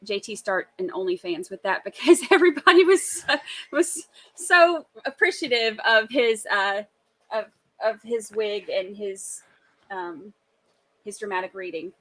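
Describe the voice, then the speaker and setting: A woman's voice: mid-range voice, expressive, unhurried, dry recording, low-quality recording. A woman, co-hosting a casual livestream and laughing often as she chats. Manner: giggly, chatty, laughs loudly. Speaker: co-host.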